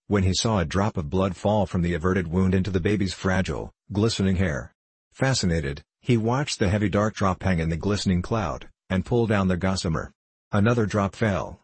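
Husky deep-voiced male narrator. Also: moderate pace, no room sound. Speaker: audiobook narrator. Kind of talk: scripted narration.

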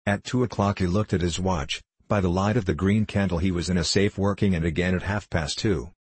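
A man narrating an audiobook novel in a measured, even reading. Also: low voice, slightly rough, no room sound. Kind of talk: scripted narration.

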